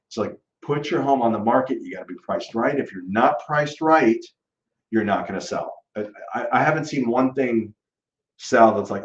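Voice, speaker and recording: A man, a real estate broker, giving an emphatic, animated rant to camera and acting out his clients' thoughts. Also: medium pitch, echoey room, highs cut off. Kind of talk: casual ranting monologue to camera.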